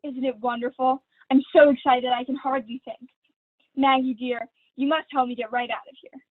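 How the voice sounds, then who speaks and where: A woman's voice: sits high, level tone, normal speed, no room sound. A young woman acting a vain, gushing glamorous stage actress in a school play read over a video call. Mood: excited. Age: teens. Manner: theatrical, affected, honeyed. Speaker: student actor. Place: at home. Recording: dry, tinny video call audio.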